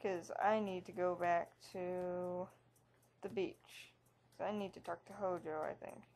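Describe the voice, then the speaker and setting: A woman's voice: lowish voice, fairly even intonation, a little slow, darkish tone, slight background noise. A woman giving casual, jokey commentary as she plays through a game, reading its text aloud with wry asides. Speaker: let's play host.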